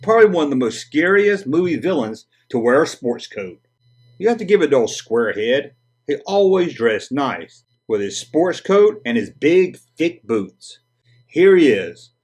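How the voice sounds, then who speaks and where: Southern US man, toy review host, husky voice, lively pitch, cracks corny jokes. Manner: jokey, corny puns, chatty. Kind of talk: casual vintage toy review.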